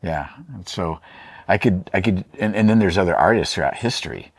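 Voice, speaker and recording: Low husky-voiced man, hesitant and rambling. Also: lively intonation, a little fast, no room sound. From Oregon, USA. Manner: rambling, hesitant, many fillers and restarts. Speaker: artist and painter. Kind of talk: casual interview conversation.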